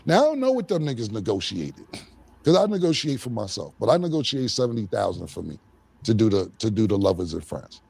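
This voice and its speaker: A man with a gravelly, fry-heavy voice tells a story at an easy pace. He slips into the other people's lines in the phone calls he is recounting. The sound is dry and close. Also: lowish voice, very animated, brisk, darkish tone, no echo. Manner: laid-back, acts out both sides of phone calls. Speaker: rapper telling a story on a played clip. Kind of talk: casual storytelling.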